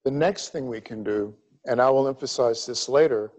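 A middle-aged man from Louisiana giving a grand rounds medical lecture, emphatic and deliberate in his pacing. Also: medium pitch, a little mellow, poor audio. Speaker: cardiology lecturer.

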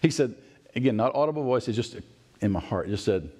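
A man's voice: mid-range voice, expressive, fast talker, dark tone. A middle-aged male pastor delivering a sermon, telling a family story and acting out the voices in it. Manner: storytelling preacher, acts out voices and asides.

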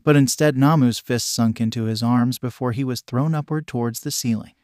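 A man reading fan fiction aloud in an even, steady storytelling manner. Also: medium pitch, a little fast, dry recording, clean studio sound. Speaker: narrator.

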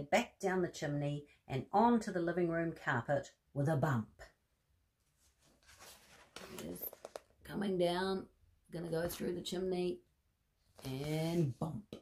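A woman reading a bedtime story to children, animated and asking the listener questions. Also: deep voice, slight background noise.

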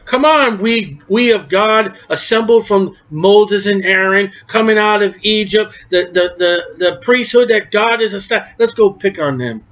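A preacher playing jeering chief priests, high and mocking. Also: male voice, unhurried, hardly any pauses, a bit bright. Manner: jeering, egging others on. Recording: dull lo-fi recording.

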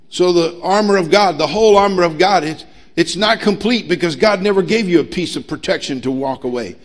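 A middle-aged man preaching a sermon as pastor, emphatic and humorous, swinging between loud pushes and quiet asides. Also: sits high, animated, normal speed. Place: church sanctuary.

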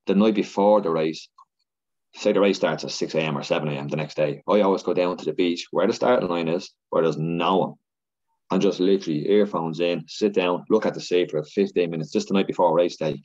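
A man telling stories as a podcast guest in casual, rambling, excitable chat with lots of filler and repeats. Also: deep voice, a little fast. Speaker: podcast guest, Ironman athlete. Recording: dull lo-fi podcast audio.

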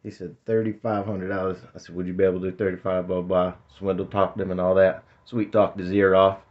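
A man's voice: sits low, monotone, fast. A man, telling a rambling, profane story in casual vlog chat. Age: 50s. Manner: rambling, laid-back, profane. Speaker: vlogger. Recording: dull lo-fi sound.

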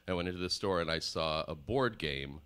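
A man in his thirties, from the former Soviet Union, doing deadpan, rambling stand-up comedy on stage at a live show. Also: low-pitched, fairly quick, smooth. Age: 30s. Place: live performance space on stage.

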